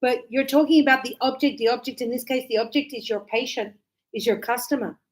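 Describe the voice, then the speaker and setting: High-voiced animated woman teaching English. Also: brisk, poor audio. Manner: animated, acts out little example dialogues. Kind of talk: live classroom teaching.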